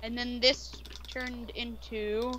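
Brief: high, bright woman's voice, blunt teasing gamer banter. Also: flat delivery, slow pace, a little hiss or hum. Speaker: player. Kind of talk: casual gaming banter.

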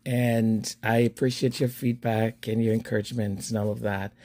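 A man's voice: on the low side, moderate pace. A man hosting his own podcast, telling a story in a casual monologue, laughing often and acting out both sides of a conversation. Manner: animated, laughing, acts out both sides of a dialogue. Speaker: podcast host.

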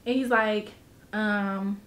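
A woman vlogger telling a personal story in casual storytime style, animated and emphatic, swearing freely. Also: medium pitch, slow pace, roomy sound.

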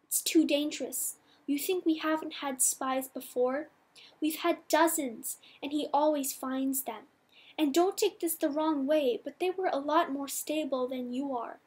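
A woman's voice: high voice, a little slow, darkish tone. A woman reading the lines of a hardened young male rebel fighter in an audiobook, urgent and blunt.

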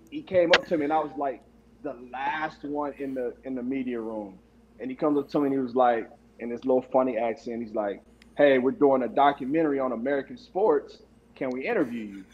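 A man's voice: medium pitch, noisy background. A man in his forties, a former football player, casually telling a story with slang and frequent laughs. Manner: laid-back, laughs often, slangy.

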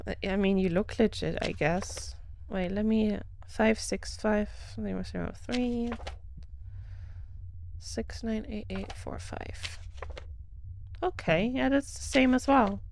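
A woman's voice: medium pitch, takes it slowly, gravelly, darkish tone, a little hiss or hum. A woman with a German accent, chatting casually while streaming a game, laughing and greeting followers. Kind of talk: casual live gameplay commentary.

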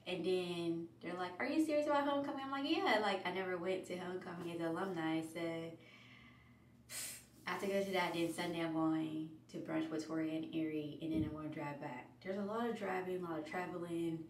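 Woman vlogger, rambling and chatty, lowish voice, faint hiss behind her. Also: fairly quick, recorded from a distance. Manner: chatty, rambling, animated storytelling. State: out of breath. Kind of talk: casual vlog chat. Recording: echoey room, voice off-mic, faint hiss.

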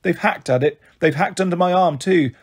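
A man's voice: sits high, moderate pace, husky. A man voicing a weary, sore mother in a hospital bed who swears and complains in a groggy, blunt way.

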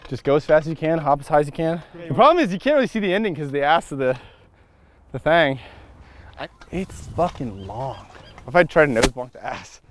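A man from Chicago chatting casually on a lapel mic outdoors, excitable and profane, with loud bursts and frequent laughs. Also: fairly high pitch, fairly quick. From Chicago, USA. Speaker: scooter rider interviewed on a filming day. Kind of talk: casual chat while filming. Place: outdoors on city streets.

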